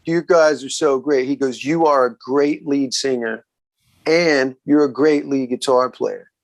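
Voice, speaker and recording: A man with a Southern US accent, a guest musician, telling road stories in a relaxed, casual way and often saying "man". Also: medium pitch, measured pace, creaky, dry recording. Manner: relaxed, says "man" a lot, acts out quoted voices. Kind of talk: casual storytelling interview.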